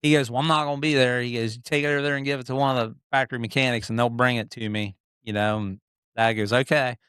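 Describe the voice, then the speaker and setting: Middle-aged guest storyteller, smooth, dry close sound, animated, acts out others. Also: male voice, mid-range voice, fast, dry recording. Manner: animated, acts out quoted people, frequent restarts. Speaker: podcast guest, motocross racer. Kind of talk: casual storytelling.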